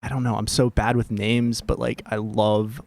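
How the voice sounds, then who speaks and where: A man's voice: lowish voice, level tone, normal speed, vocal fry, darkish tone, no room sound. A young man from the Upper Midwest, a guitarist guest on a podcast, chatting enthusiastically and swearing. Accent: Upper Midwest American. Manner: enthusiastic, sweary, gushing about bands. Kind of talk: casual chat.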